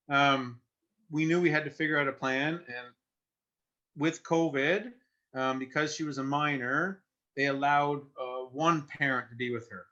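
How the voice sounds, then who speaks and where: A middle-aged man, telling a personal story as a guest in earnest, halting conversation with restarts. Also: on the high side, sharp tone. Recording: muffled lo-fi sound.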